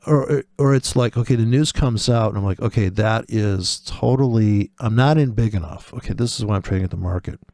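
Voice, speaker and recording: A man's voice: fairly low pitch, a little fast, hardly any pauses, a little mellow, dry recording, studio quality. A man hosting a trading video, talking in a rambling, sardonic, profane way, drifting off on tangents and acting out imagined voices. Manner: acts out imagined voices in quotes. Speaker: forex trading video host. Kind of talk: rambling casual monologue.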